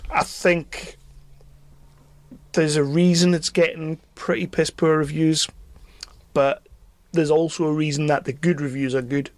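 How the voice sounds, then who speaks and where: A man's voice: a little high, little pitch movement, unhurried, pauses often, dry recording. A man hosting a podcast, giving opinionated casual film reviews and often repeating words as he starts a sentence. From Britain. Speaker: podcast host.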